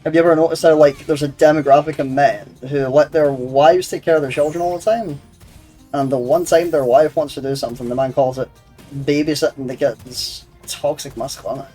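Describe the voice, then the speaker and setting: Young male streamer, slightly high voice, crude rambling chat with his viewers over faint game music. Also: steady tone, a little fast, warm tone. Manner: crude, sweary banter with chat; rambling, laughs often. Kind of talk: casual gaming stream chat.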